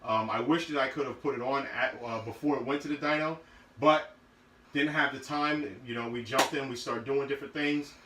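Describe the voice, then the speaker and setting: A man walks through engine parts in a casual vlog, rambling and circling back with fillers and restarts. His voice sits mid-pitched and easygoing. The sound is roomy and echoey, with a faint hiss of ambient noise behind it. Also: steady tone, normal speed, pushed and bright. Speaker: car build vlogger. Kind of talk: casual show-and-tell of car parts.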